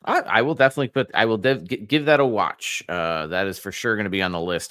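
A man co-hosting a casual podcast chat, talking in halting bursts with repeated words and casual swearing. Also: lowish voice, a bit bright, no echo, clean studio sound. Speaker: podcast co-host.

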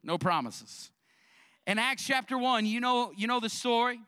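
A male pastor preaches with animated fervor, telling stories and driving home his points. His voice sits high and sounds bright and forceful. The recording is close and dry. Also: moderate pace, clean tone, no echo. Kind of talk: sermon.

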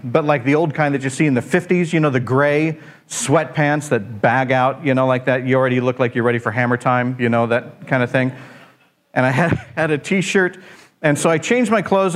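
With a mid-range voice, he preaches in an animated, wandering style, frequently starting over as he spins comic tales at his own expense.

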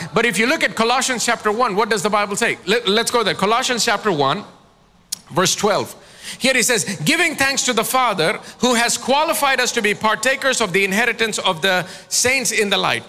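A pastor preaches a sermon in a high-pitched, bright and forceful voice, prompting his congregation to answer back in call-and-response. A long reverb tail trails his words.

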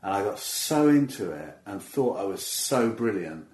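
A man's voice: lowish voice, sing-song, a little slow, darkish tone. Rambling man in a roomy space. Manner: rambling, self-deprecating, restarts often. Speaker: comedian guest. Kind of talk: casual interview chat. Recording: roomy echo.

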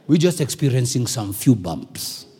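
A man voicing a calm airline captain who reassures passengers in a deep, wide voice over the speakers. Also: measured pace, breathy edge, full character voice. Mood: soothing.

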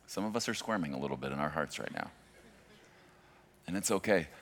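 A man in his forties, a pastor preaching a sermon in a conversational way that swings from hushed to loud. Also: very deep voice, animated, fairly quick, slight background noise.

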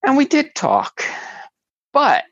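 A woman, an interview guest, telling a personal story in an animated way and acting out the people she quotes. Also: high-pitched, slow, dry recording, highs cut off.

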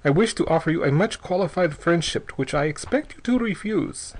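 A man's voice: a little high, lively intonation, a little fast, pitched above the performer's own voice. A man reading a story, voicing a bitter young male jailer who speaks formally.

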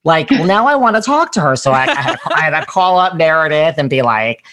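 A man chatting casually as a podcast guest, gossipy and animated, acting out what people said. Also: fairly high pitch, brisk, a little hiss or hum. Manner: gossipy, animated, acts out quotes. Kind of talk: casual chat.

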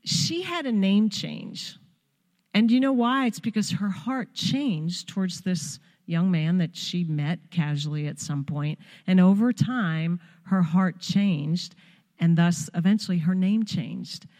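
A woman's voice: lowish voice, a little slow, warm tone, long reverb tail. A middle-aged woman from Long Island giving a heartfelt, conversational sermon as a guest speaker in a church. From Long Island, New York. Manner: heartfelt, conversational preaching with asides. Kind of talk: sermon exhortation. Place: church sanctuary.

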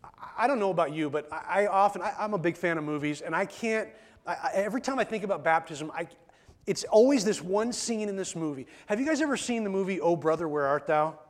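A man's voice: sits high, lively intonation, fast talker. A male pastor giving a conversational sermon in church, often repeating words as he starts a sentence.

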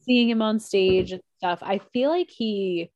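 A woman's voice: medium pitch, unhurried, a little mellow, dull audio. A woman in casual chat who talks in a hesitant, thoughtful way, searching for her words.

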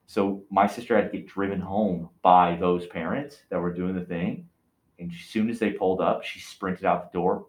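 A man with a very low voice tells a ghost story in a loose, excitable chat, tripping over his words as he builds it up. The room echoes noticeably around him. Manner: animated, excitable, lots of fillers and restarts. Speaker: podcast co-host telling a ghost story. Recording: roomy echo.

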